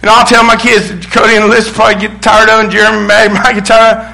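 Man, pastor, sermon, middle-aged, high bright voice, animated preaching, bursts of shouting. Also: racing, gravelly, poor audio.

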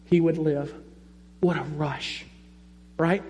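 High-voiced, unhurried preacher man. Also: steady tone, darkish tone. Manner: emphatic, repeats key phrases, conversational asides. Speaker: pastor. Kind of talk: sermon. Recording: long reverb in a large hall.

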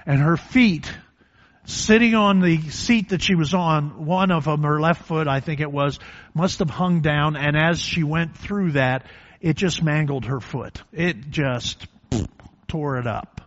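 An older man preaching a sermon in a church, telling a quiet personal story that swells into loud, drawn-out preaching. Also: fairly high pitch. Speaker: pastor. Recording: dull lo-fi recording.

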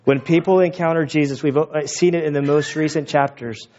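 A man preaching as a pastor, conversational and animated, with quick asides. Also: a little high, a little hiss or hum. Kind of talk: sermon. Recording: dull lo-fi recording.

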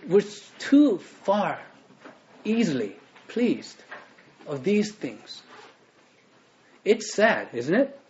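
A man delivers a sermon in an easygoing, conversational manner, peppered with fillers and restarts. His voice sits a bit high for a man. The recording is muffled and lo-fi. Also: a little mellow. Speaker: preacher.

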